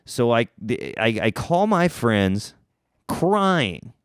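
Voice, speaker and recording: A male podcast host tells an embarrassing story in a loose, self-mocking way. His voice swings widely in pitch and he speaks at an unhurried pace. The sound is dry and close, with no room echo. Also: smooth. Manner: animated, self-mocking, jumps up in pitch for emphasis. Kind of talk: casual storytelling.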